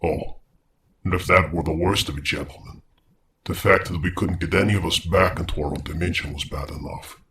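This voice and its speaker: A man's voice: deep voice, steady tone, fairly quick, sharp tone, slight background noise. A man voicing an erratic, vengeful male scientist in a horror audio story, using a put-on British accent. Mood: grave. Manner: grave, erratic, swings to frantic outbursts.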